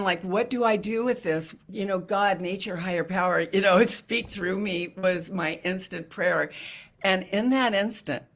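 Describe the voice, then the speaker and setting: A middle-aged woman giving a heartfelt storytelling talk as an inspirational speaker. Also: medium pitch. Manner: earnest, heartfelt, softening to hushed.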